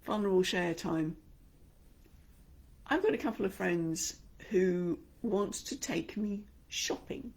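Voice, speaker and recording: In a slow, gravelly voice that's a little mellow, this mid-range Australian woman coaches an online speaking class with lively intonation. Her delivery is expressive, and she acts out the inner voices she's describing.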